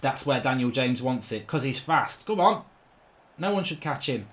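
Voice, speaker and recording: A man giving live gameplay commentary as a channel host, ranting in exasperation with lots of swearing, swinging between low mutters and shouting. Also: lively intonation, moderate pace.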